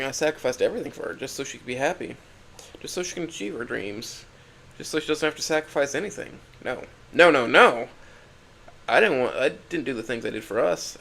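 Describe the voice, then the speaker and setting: A man's voice: mid-range voice, gravelly, slight background noise. A man narrating a first-person dramatic story, emotional and swinging from hurt to angry outbursts.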